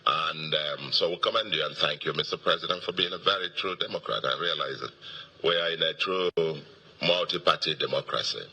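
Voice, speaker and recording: A middle-aged Nigerian man, a governor, giving an emphatic victory speech to supporters, repeating key words and pausing with fillers. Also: rumbling low, pushed and bright, slightly rough. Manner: emphatic, repetitive oratory with pauses and fillers. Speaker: state governor.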